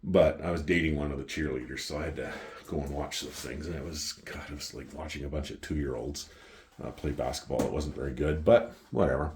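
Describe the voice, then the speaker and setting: A middle-aged man from Canada with a Canadian accent, telling a story in a casual, profane, animated way. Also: a bass voice, brisk, slight background noise. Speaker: wine collector vlogger.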